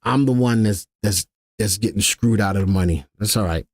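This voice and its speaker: A man's voice: lowish voice, a little fast, a little mellow. A man hosting a live stock-analysis stream, chatting casually with viewers and crew and repeating his key points. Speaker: livestream stock analyst host.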